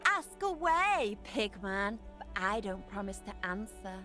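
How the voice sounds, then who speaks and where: A woman's voice: mid-range voice, sing-song, unhurried, pushed and bright, faint music behind. A woman voicing a hostile, foul-mouthed young graffiti painter who taunts and swears, in a video game. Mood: sneering. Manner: sneering, taunting, swears a lot.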